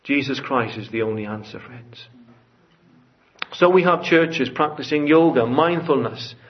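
A man's voice: medium pitch, a little slow. A man preaching a sermon in a church, earnest and building to fervent emphasis. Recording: dull lo-fi church recording.

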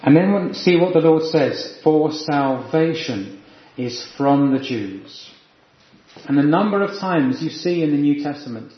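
A man preaching a sermon in an earnest, reflective teaching manner. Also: fairly high pitch. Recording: echoey, dull lo-fi room sound.

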